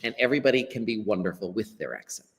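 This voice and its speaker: A man's voice: lowish voice, expressive, fast talker, in a large hall. An American man, an ESL teacher, explaining pronunciation encouragingly as a guest on a live-stream video call. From United States. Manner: encouraging, explanatory, acts out quoted remarks. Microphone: laptop webcam on a video call.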